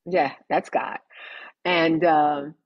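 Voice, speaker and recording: An older woman, a podcast guest, telling her story in an animated, emphatic way and acting out the dialogue. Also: deep voice, drawn-out words, dry recording, muffled recording. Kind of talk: conversational storytelling.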